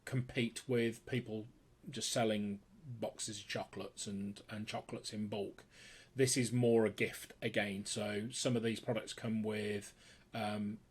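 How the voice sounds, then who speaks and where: A man's voice: level tone, measured pace, breathy edge. A man casually presenting a weekly rundown of trending products, talking off the cuff with lots of fillers, restarts and an upbeat sales manner. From United Kingdom. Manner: unscripted, many fillers and restarts, enthusiastic sales pitch.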